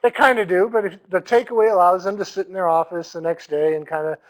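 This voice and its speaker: A man lectures in a loose, conversational way, with a voice pitched fairly high. He circles back and repeats points and clears his throat often. He is recording alone with no audience in the room. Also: steady tone, fast talker, poor audio.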